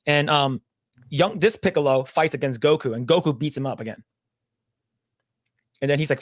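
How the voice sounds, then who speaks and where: A man on a podcast rambles through a long cartoon plot, his voice a little higher than most and recorded dry and close. He keeps acting out the characters' lines and swears freely as he goes. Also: normal speed, long pauses, no room sound. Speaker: podcast co-host. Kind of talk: casual chat, retelling a cartoon plot.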